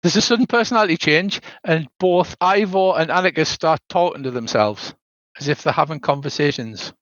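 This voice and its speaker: Older British game master narrating a spooky tabletop adventure, dry and slightly muffled call audio. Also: male voice, a little high, fairly quick, fairly bright tone, dry recording.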